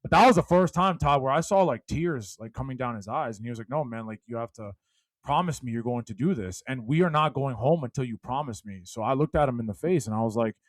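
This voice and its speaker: A man in an interview, telling his own story with lively energy that rises and falls. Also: mid-range voice, fast, no echo. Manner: animated, gets loud and laughs when telling a punchline. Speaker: guest speaker.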